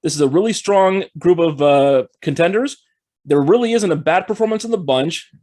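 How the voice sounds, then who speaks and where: A man hosting his own film review channel reads a scripted review in an upbeat, steady, explanatory way. His pitch is fairly high and his pace moderate.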